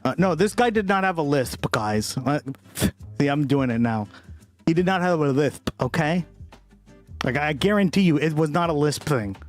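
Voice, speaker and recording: A man's voice: fairly high pitch, expressive, moderate pace, soft background music. A man hosting a casual livestream, rambling and swearing freely as he comments, often breaking into laughter. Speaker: livestream host.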